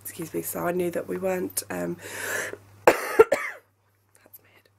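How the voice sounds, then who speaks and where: A woman's voice: fairly low pitch, huge pitch swings, slow pace, vocal fry, heavy background noise. A young woman in casual vlog chat at home, chatty and apologetic, laughing often, speaking through a headache. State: has a headache. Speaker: family vlogger. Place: home, indoors.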